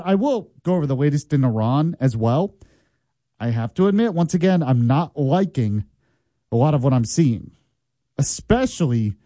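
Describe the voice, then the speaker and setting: A man's voice: on the high side, mellow, no room sound. A man hosting a morning talk radio show, talking with wry, mock-sad humor.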